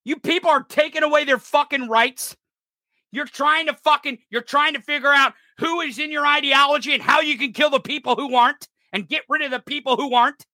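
A male podcast host delivering an angry, profane political rant, often shouting. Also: very high-pitched, fairly even intonation, a little fast, dry recording, clean studio sound.

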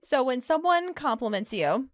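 Young woman co-host, enthusiastic casual chat, bright high lively pitch, dry mic. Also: no room sound. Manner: enthusiastic, quick reactions and guesses. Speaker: podcast co-host.

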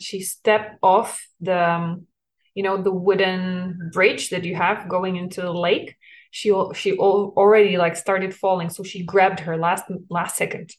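A woman talks through a solo parenting podcast with an earnest, coaching tone. She explains things patiently and lets small laughs slip into her sentences. Her voice sits at an ordinary middle pitch.

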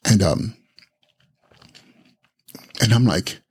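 A man's voice: fairly low pitch, very slow, a little mellow, breathy edge. A man from Nigeria, a podcast host, dramatically telling a scary personal story from his childhood, repeating words and restarting his sentences as he goes. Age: adult.

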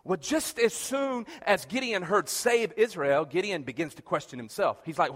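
High-voiced man preaching in a reverberant hall. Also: normal speed, few pauses. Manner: animated, acts out quoted prayers and dialogue; repeats words when starting a phrase. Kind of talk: sermon.

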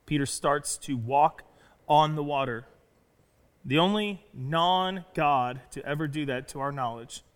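A man preaching a sermon as pastor, telling a story with animated delivery and acting out the lines he quotes. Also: on the high side, measured pace. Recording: long reverb of a church hall.

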